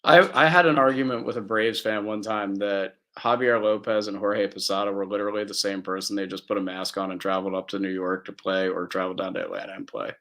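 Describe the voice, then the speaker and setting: A man's voice: on the low side, steady tone, fast, few pauses, bright, forceful tone. A man co-hosting a casual talk show, hesitant and jokey, often restarting his sentences. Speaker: podcast co-host. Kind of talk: casual chat.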